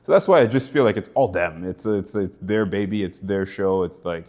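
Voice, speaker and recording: A young man from Canada, an actor guest in a casual interview, telling animated stories and acting out quotes with laughs. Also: deep voice, normal speed.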